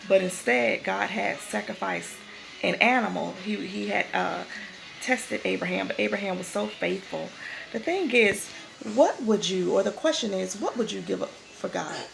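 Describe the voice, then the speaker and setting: A woman's voice: medium pitch, moderate pace, gravelly, slight background noise, rough recording. A woman giving a casual spoken devotional, talking in a conversational way that repeats and restarts phrases. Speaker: vlogger giving a faith talk.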